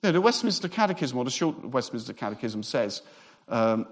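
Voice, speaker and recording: A man preaching a sermon, lively and joking, sometimes speeding up as he gets excited. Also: mid-range voice, a little fast.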